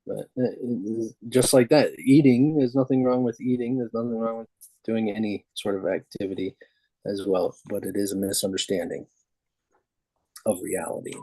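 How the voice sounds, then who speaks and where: A man with a low, mellow voice talks casually in an online discussion group. He jokes in a relaxed way. The sound is dry and close. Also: slightly rough, dry recording. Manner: joking, relaxed. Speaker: group participant.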